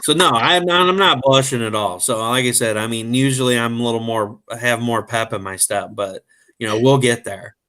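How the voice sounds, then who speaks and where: A man hosting an interview, telling a funny story in an animated, joking way. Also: mid-range voice, brisk. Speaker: host. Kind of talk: casual storytelling.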